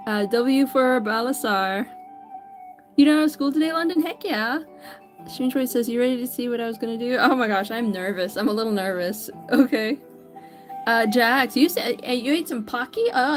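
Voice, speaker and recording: A woman's voice: fairly high pitch, moderate pace, faint music behind. A woman chatting casually with viewers while drawing on a livestream, greeting people by name and often stumbling and correcting herself. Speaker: livestreaming artist.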